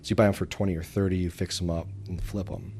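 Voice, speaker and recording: Lowish-voiced guy from the detroit suburbs, chatty guest in a podcast interview, tells stories and does little voices for the people in them. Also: fast, husky. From Detroit suburbs, Michigan. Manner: animated storyteller who acts out quoted voices. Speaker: guest entrepreneur.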